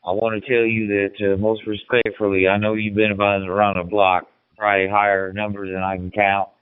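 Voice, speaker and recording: A man's voice: lowish voice, level tone, fairly quick, smooth, no echo. A middle-aged man from Illinois, an amateur radio operator chatting casually in a folksy, rambling way, repeating his words. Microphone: radio transceiver mic. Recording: narrow, dry radio transmission.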